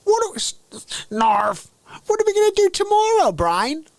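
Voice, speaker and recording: A man voicing a goofy, dim-witted male cartoon mouse in a squeaky, silly voice. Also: huge pitch swings, normal speed, no echo, heavily acted. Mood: giddy.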